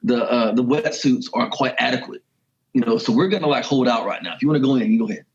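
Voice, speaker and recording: A man's voice: medium pitch, muffled recording, close to an everyday voice. A man putting on a Bronx accent for a hesitant man on a boat who backs out of a dive. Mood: hedging. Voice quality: hesitant, halting.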